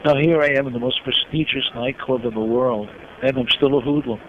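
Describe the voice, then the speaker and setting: An older man from New York, a guest in an interview, telling his life story slowly and with emotion. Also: mid-range voice, fairly even intonation. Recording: dull lo-fi recording with noise.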